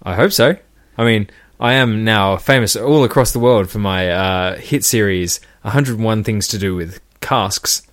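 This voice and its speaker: A man's voice: lowish voice, unhurried, a bit bright, dry recording, studio quality. A man co-hosting a casual podcast, joking around with his friend and sometimes putting on a mock announcer tone. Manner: jokey, banters, mock announcer tone. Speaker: podcast co-host.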